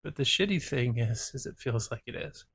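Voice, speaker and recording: A man's voice: mid-range voice, animated, moderate pace, gravelly, fairly bright tone, husky, dry recording. A man who is a therapist and host, giving earnest, reflective reaction commentary and openly saying when he is moved.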